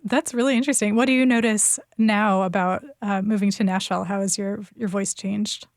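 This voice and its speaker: A woman's voice: mid-range voice, fairly even intonation, fairly quick, dry recording, studio quality. A woman hosting a call-in radio show, welcoming callers and asking follow-up questions in a friendly, inquisitive way. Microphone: studio mic.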